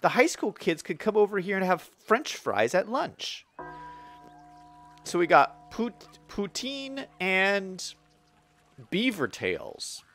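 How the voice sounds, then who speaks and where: A young man chats casually through a city-building livestream, reading viewer comments aloud. His voice sits a little high and his pitch swings animatedly. He is relaxed and talkative, full of fillers and restarts. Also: measured pace, soft background music. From Western United States. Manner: chatty, lively, reads chat aloud with frequent fillers. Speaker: streamer.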